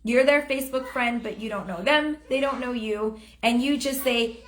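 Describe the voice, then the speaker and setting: A woman's voice: on the high side, moderate pace, roomy sound, slight background noise. A woman in her thirties giving a chatty, upbeat sales training live from her home, often acting out sample messages. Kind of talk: live-stream training talk. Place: home room. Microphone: phone or webcam on a live stream.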